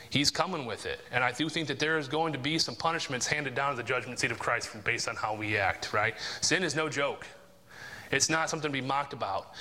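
A man's voice: bright, forceful tone, in a large hall. A man preaching a casual, conversational sermon, often ending lines with "right?" and "you know?". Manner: mimics mockers and coworkers in a higher voice.

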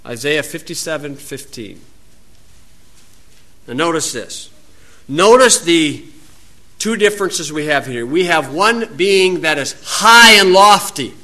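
A man's voice: a little high, lively intonation, slow, long pauses, sharp tone. A man with an American accent giving an informal, folksy Bible teaching outdoors, wandering into asides and rising to emphatic preaching.

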